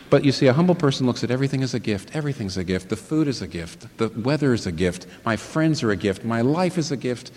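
A pastor preaching a sermon, asking rhetorical questions and building up emphasis. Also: male voice, medium pitch, lively intonation, fast, few pauses, darkish tone, big-room sound.

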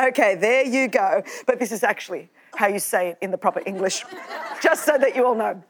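An Australian woman in her fifties preaching a lively, joking sermon to a live audience. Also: medium pitch, brisk. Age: 50s. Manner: animated, joking, with frequent laughs.

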